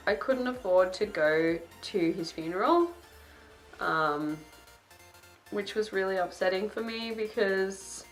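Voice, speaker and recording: A woman's voice: mid-range voice, fairly bright tone. Young woman, chatty vlogger voice, self-mocking and casual, faint music underneath. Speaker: beauty vlogger. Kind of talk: casual chat while doing makeup.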